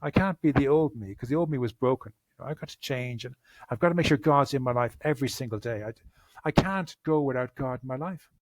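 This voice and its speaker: A man speaks as a therapist on a podcast. His voice sits at an ordinary middle pitch, and his delivery is earnest. He often restarts his sentences with repeated words. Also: fast talker. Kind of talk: conversational interview answers.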